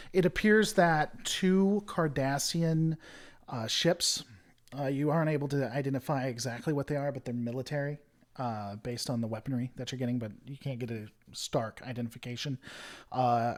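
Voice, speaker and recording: Sex: man. Role: game master. Style: tabletop narration. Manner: casual, halting, filler-heavy. Pitch: middling.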